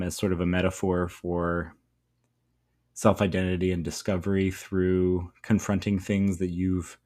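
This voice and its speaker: Low-voiced man explaining a poem. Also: a little mellow. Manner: thoughtful, explanatory, with fillers. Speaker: teacher. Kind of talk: poetry lesson talk.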